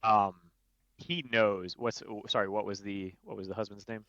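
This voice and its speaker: A man's voice: on the low side, fairly even intonation, normal speed, a bit bright, muffled recording. A man playing a tabletop game, talking hesitantly with many fillers. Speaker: player. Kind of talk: casual game chat.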